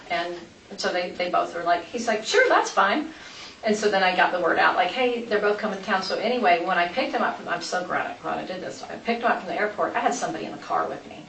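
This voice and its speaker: Woman interviewee, gravelly, rambling storyteller; far-off mic in a reverberant room. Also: fairly low pitch, fairly bright tone. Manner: rambling, many restarts and asides. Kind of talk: recounting events in a police interview. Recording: echoey room, distant mic, background noise.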